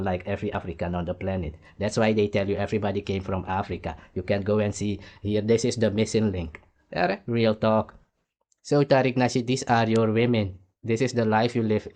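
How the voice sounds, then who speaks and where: A man's voice: on the low side, a little mellow. A man from Suriname, hosting a heated, mocking commentary rant over clips and repeating catchphrases. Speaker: commentary channel host.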